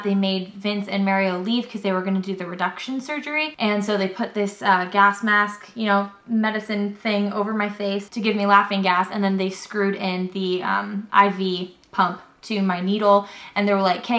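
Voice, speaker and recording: A woman's voice: mid-range voice, fairly bright tone. Chatty young woman vlogging, roomy sound. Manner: chatty, tells the story with quoted dialogue and many fillers. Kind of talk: casual storytelling to camera. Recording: echoey room.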